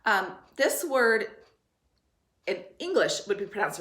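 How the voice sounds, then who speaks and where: A woman's voice: mid-range voice, animated, a bit bright. Patient woman teacher in a roomy space. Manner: slow, clear, encouraging classroom delivery. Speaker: third grade teacher. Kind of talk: spelling dictation lesson. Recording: roomy echo.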